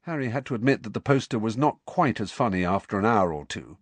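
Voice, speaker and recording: Expressive man reading a story aloud. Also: fairly low pitch, fast talker, slightly rough, dry recording. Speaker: audiobook narrator. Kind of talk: storybook narration.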